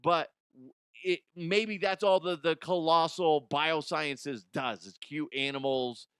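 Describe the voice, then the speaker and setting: A man hosting a comedic news commentary podcast, animated and joking, now and then breaking into silly high voices. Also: clean tone, dry recording, clean studio sound. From Colorado, USA. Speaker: podcast host.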